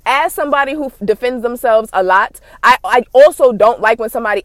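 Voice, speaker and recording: High-pitched woman ranting bluntly. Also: fairly quick, hardly any pauses, no room sound. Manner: blunt, profane, animated ranting. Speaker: podcast host. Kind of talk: ranting commentary.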